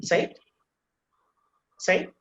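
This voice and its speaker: A man's voice: takes it slowly, fairly bright tone, dull audio. A male pronunciation teacher takes a class through words one syllable at a time. He repeats each word over and over for the learners to echo back. His voice rings in a roomy space. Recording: echoey room.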